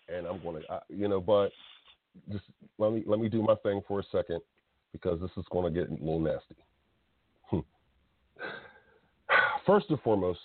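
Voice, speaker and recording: A man's voice: on the low side, dry recording. A man in his thirties hosting a call-in wrestling show, ranting bluntly and emotionally with laughs and restarts. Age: 30s. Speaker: podcast host. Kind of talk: casual call-in wrestling talk. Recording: dry phone-line sound.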